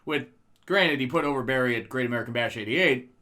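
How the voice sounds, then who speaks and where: Podcast co-host, male, loose and profane, laughs easily, mid pitch. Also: fast, sharp tone. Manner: loose, profane, laughs at his own jokes. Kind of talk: casual wrestling chat.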